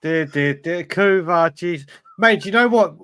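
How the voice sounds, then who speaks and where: An English man co-hosting a comedy podcast, telling animated stories and cheekily teasing his friends. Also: high voice, unhurried, smooth, no echo. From England. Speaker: podcast co-host. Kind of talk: comedic banter.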